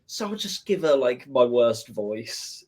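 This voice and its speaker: A man's voice: mid-range voice, very animated, a little slow. Thoughtful man, dry humor. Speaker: book discussion guest. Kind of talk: casual video call discussion.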